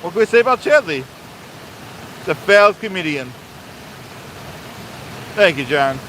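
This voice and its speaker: A man's voice: sits high, lively intonation, measured pace, fairly bright tone, a little hiss or hum, poor audio. A man hosting a live stream outdoors by a waterfall, talking pompously about himself in the third person and repeating his points in a mock-authoritarian way. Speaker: livestream host. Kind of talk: live-streamed rant reading chat.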